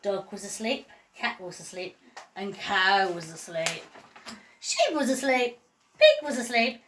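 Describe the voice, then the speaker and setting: A woman reading a children's picture book aloud in an expressive, lilting way, with drawn-out sighs. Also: mid-range voice, a little hiss or hum. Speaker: storyteller.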